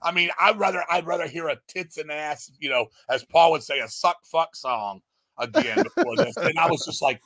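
A man in casual podcast chat, loud and swearing, mocking things he hates and breaking into shouted parodies. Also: a little high, expressive, normal speed, over a noisy crowd. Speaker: podcast guest.

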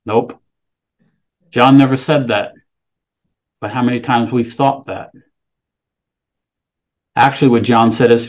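A man's voice: medium pitch, fairly even intonation, slow, pauses often, dull audio. A man preaching a sermon, reading scripture aloud with rising emphasis and then explaining it plainly. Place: California, speaking remotely.

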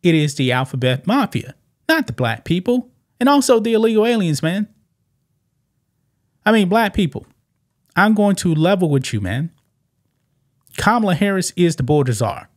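A man hosting political commentary over clips, emphatic and repetitive, who keeps tossing in "man". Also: fairly high pitch. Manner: emphatic, repeats points and keeps saying "man". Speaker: commentary channel host.

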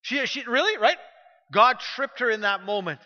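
A middle-aged male pastor delivers a storytelling sermon, pushing his points through emphatic repetition. His voice sits high and sounds bright and forceful. The recording is dull and carries a long church-hall reverb. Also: animated, moderate pace. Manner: storytelling, emphatic, repeats phrases when pressing a point. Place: church sanctuary.

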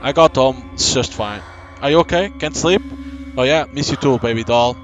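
Brief: a man doing a cornered, cursing, boozy writer of middle age, mid-pitched voice, faint music behind. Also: moderate pace, close to an everyday voice, rough recording. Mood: flustered. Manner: reads game dialogue aloud, gruff and cursing. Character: hard-drinking struggling male writer, middle-aged, cornered.

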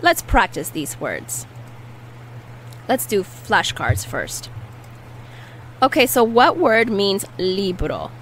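A woman teaching a language lesson, repeating each word slowly and carefully. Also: mid-range voice, sing-song, fairly bright tone, a little hiss or hum, low-quality recording. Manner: slow, careful repetition of words. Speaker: Spanish teacher.

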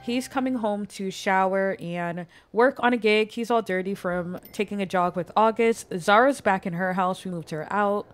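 A young woman with a mid-range voice talks at normal speed with hardly any pauses, soft music playing behind her. She's a gameplay commentator giving a chatty, casual let's-play of a life-simulation game, filling her talk with plenty of "like" and "um."

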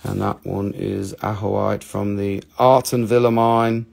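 A man's voice: fairly low pitch, little pitch movement, measured pace, creaky, darkish tone. A man with a Southern US accent from North Carolina, hosting a live online crystal sales stream with joking, rambling salesman banter. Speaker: host selling crystals.

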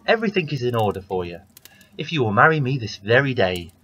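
A man's voice: medium pitch, big pitch swings, fairly bright tone, husky. A man voicing a pretty young maiden in a storybook reading, his voice raised and gracious. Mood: welcoming. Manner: lifted, gracious and quick.

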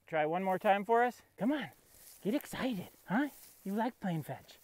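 In this casual vlog, a man trains his puppy in an open field, coaxing and talking to the dog and narrating between commands. He sounds high-pitched, expressive and a little mellow, keeping a measured pace.

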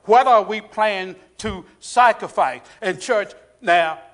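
A man preaching a sermon in a church, calling out to the congregation, repeating phrases and dropping to a hushed intensity in prayer. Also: sits high, slow pace. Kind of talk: sermon with altar call. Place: church sanctuary.

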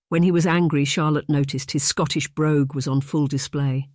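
An audiobook narrator reading a historical romance in steady, measured scripted narration. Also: medium pitch, dry recording, studio quality.

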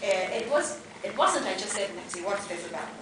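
A woman's voice: mid-range voice, lively intonation. A woman from Argentina, Spanish her first language, talks casually on a translators' panel. She stumbles and repeats words as she works out her English phrasing. The sound comes from far off in a very echoey room with a noisy background. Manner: halting, repeats words while searching for phrasing. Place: conference room.

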